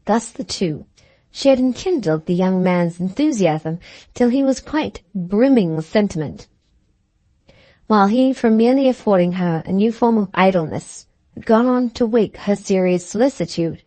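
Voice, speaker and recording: A woman narrating a classic novel as an audiobook in a steady, measured reading. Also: medium pitch, dry recording.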